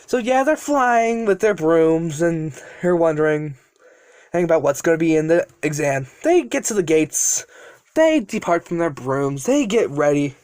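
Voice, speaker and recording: A man's voice: a little high, no room sound. A man casually telling a fan-made story, rambling and often correcting himself. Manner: rambling, frequent self-corrections.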